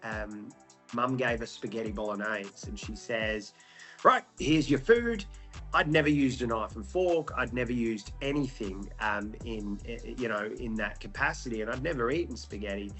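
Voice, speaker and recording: A man's voice: on the low side, normal speed, fairly bright tone, faint music behind. A young man with an Australian accent, telling his story as a guest in an interview, joking often and filling with ums and restarts. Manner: jokey, many ums and restarts.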